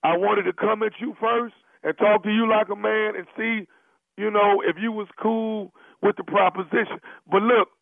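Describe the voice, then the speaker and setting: A man's voice: high-pitched, fairly even intonation, normal speed, creaky, dry recording. A man making a prank phone call as a radio host, stammering and pleading, then insistent. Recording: dry, tinny phone-like sound.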